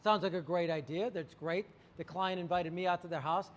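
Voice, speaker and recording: A man's voice: sits high, fairly even intonation, a little fast, in a large hall. A man talking about water treatment to camera, telling a client story animatedly and acting out the quotes. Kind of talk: sales talk to camera.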